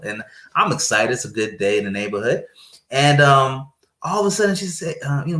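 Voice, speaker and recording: A man's voice: medium pitch, lively intonation, a little fast, pushed and bright. A man being interviewed on a podcast as a paramedic guest, telling a story animatedly, repeating phrases for emphasis and speaking in a faith-centered way. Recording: roomy echo.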